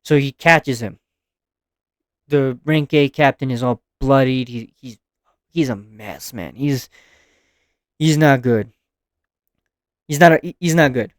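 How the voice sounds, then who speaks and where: A man recapping anime episodes in a relaxed, excitable video review, with slang and casual swearing. His voice is smooth and resonant, at an ordinary pitch for a man. The sound is dry and close, with little room echo. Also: takes it slowly, pauses often.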